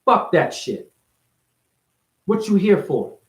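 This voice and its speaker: A man with a fairly high voice preaches at the listener in a profane, confrontational rant. His pitch swings widely as he fires off one rhetorical question after another. The recording has a roomy echo. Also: very animated, slow. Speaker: self-styled spiritual teacher. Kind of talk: ranting monologue to camera.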